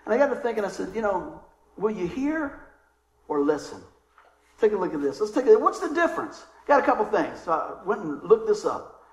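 In a church sanctuary with noticeable echo, a male pastor delivers a sermon in a high voice with big, wide pitch swings. He speaks fairly quickly in a conversational style, calling out questions to the congregation.

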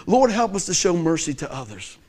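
High-voiced animated male preacher. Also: fairly quick. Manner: animated storytelling with laughter and loud peaks. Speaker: pastor. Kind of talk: sermon.

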